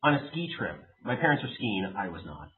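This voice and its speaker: Animated young man, tinny phone sound. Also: fairly low pitch, brisk. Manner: animated storyteller, laughs often, fillers. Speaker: podcast co-host. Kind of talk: casual chat.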